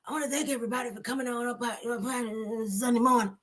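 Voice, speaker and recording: A woman's voice: on the high side, fairly even intonation, pitched above the performer's own voice, natural voice. A woman impersonating a frail older male preacher who rambles and stalls while thanking his congregation. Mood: rushed rambling. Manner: rambling, halting sermon delivery with stalls.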